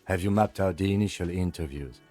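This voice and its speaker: An actor playing a calm, reserved police lieutenant in a detective game, polite and businesslike. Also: male voice, sits low, a little fast, faint music behind, lightly acted. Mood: composed. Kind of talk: scripted game dialogue.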